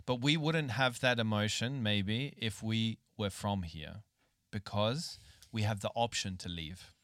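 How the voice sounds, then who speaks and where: A man's voice: on the low side, a little slow, no echo, studio quality. A man hosting a podcast, chatting casually and bantering with jokes. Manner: joking, relaxed banter. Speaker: podcast host.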